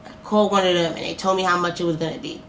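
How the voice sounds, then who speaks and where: A young woman tells a storytime in a lively, animated way, swearing freely and acting out her own reactions. Her voice sits a little low for a woman. The room echoes around her, with a faint hiss underneath. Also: very fast. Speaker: vlogger. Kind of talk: casual storytime.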